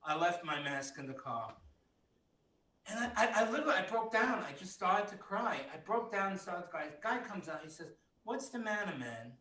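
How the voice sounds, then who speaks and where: Male stand-up, high and bright, stammers, sits back from the mic in an echoey room. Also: animated, brisk, far from the mic. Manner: stammering repeats, bursts of shouting. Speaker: comedian. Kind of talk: stand-up comedy over video call.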